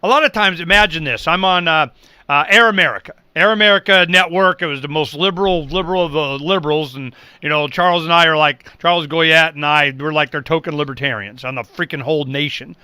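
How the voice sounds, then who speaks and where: A man's voice: on the high side, fairly quick, pushed and bright, clean tone, no room sound. A middle-aged man hosting a political talk show, speaking emphatically and acting out the people he quotes. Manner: emphatic, acts out quoted people, repeats words when worked up.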